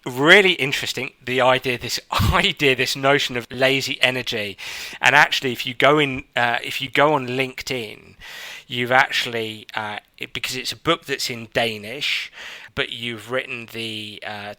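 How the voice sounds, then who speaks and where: A man hosting a sports psychology podcast, talking in a lively, casual interview style with frequent restarts and fillers. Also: mid-range voice, normal speed, dry recording. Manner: animated, many restarts and fillers. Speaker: podcast host.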